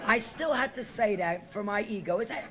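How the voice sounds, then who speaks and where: A woman's voice: medium pitch, moderate pace, music in the background, crowd noise. A woman speaking at a podium in a meeting room, telling her recovery story in a blunt, profane and emotional way. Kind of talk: personal recovery talk at a meeting.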